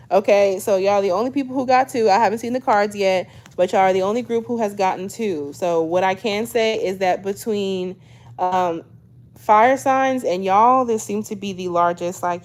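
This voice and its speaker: A woman's voice: mid-range voice, darkish tone. A woman in her twenties doing a casual tarot reading to camera, chatty and loose, tacking a questioning "okay?" onto almost every thought as she mixes read-aloud guidebook passages with slangy asides. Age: 20s. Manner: chatty, checks in with "okay?" constantly. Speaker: tarot reader.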